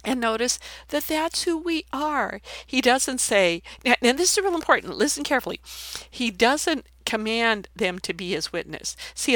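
A woman reading a Bible passage aloud, then commenting on it in a conversational, animated sermon style. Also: fairly high pitch, normal speed, no room sound. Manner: conversational, animated, laughs while teaching. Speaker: Bible teacher.

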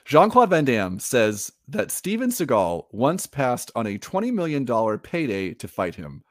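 A man co-hosting a casual podcast over a call. His pitch sits mid-range but jumps around a lot as he tells stories and laughs. The sound is close and dry. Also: moderate pace, dry recording. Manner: animated, laughs often, lively storytelling. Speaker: podcast co-host. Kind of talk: casual chat.

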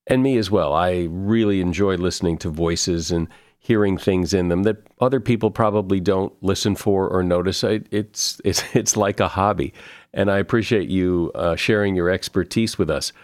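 Middle-aged male podcast host, lowish voice, deliberate, dry close mic. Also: a little mellow, no room sound. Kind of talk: conversational interview.

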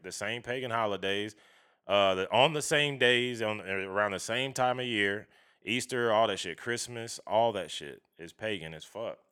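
A man with a low voice speaks in a bright, clear tone. He talks casually and bluntly, swearing freely. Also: moderate pace. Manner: blunt, profane, animated storytelling. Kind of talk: casual chat.

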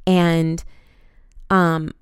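A young woman in her twenties hosting a podcast, telling a story in an animated way with frequent swearing. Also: low-pitched, drawn-out words, smooth, dry recording, clean studio sound. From United States. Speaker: podcast host. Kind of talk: casual storytelling.

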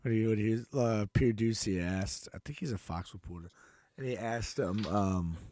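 A man's voice: lowish voice, moderate pace, mellow, no room sound. Profane rambling man, dry sound. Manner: profane, rambling, laughs often. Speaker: podcast co-host. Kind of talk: crude casual banter.

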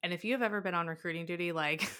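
Woman, thirties, candid animated storytelling, bright voice. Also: on the low side, very fast, clean tone. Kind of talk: casual conversation.

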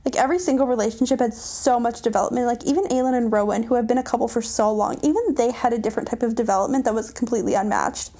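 A young woman with a slightly high voice gushes about books on a casual podcast. She co-hosts and talks with lots of fillers, sounding excited throughout. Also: racing, few pauses. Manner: gushing, enthusiastic, lots of fillers. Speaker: podcast co-host.

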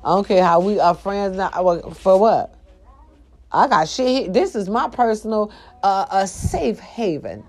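An older grandmother in a casual vlog, giving animated, profane advice to her viewers and calling them y'all. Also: medium pitch, measured pace. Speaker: vlogger. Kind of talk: casual straight-to-camera talk.

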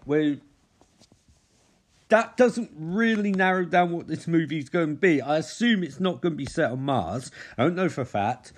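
A tired man reviewing a movie in a casual vlog, rambling and blunt, swearing freely. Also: a little high.

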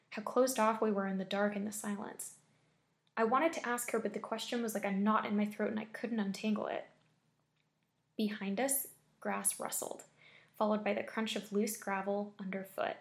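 A woman reading a scary story aloud with steady, measured storytelling. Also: medium pitch. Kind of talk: scripted horror story narration.

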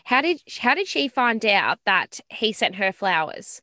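A woman's voice: mid-range voice, very animated, unhurried, pushed and bright, no echo, studio quality. Giggly, swearing young woman. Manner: giggly, self-deprecating, swears freely. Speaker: podcast co-host. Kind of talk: casual chat.

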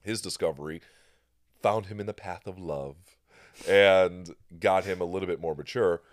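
Laid-back teasing podcast host, lowish voice. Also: male voice, moderate pace, dry recording, studio quality. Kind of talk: casual podcast chat.

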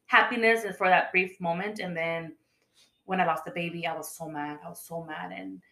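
A woman's voice: on the low side, steady tone, moderate pace, gravelly, bright, forceful tone. A woman in casual podcast chat, telling stories in a chatty way and acting out the voices of people she quotes. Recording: echoey room.

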